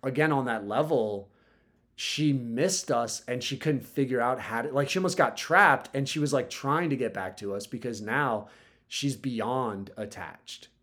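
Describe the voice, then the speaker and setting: A man's voice: medium pitch, measured pace, a bit bright, husky. Laid-back swearing man telling a story. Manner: laid-back, swears a lot, heavy use of "like" and "dude". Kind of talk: casual chat, storytelling.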